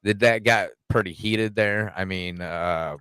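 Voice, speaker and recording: Deep-voiced male podcast host. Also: a little slow, a bit bright, clean tone, no room sound. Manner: loose, searching for words, many fillers. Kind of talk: casual podcast chat.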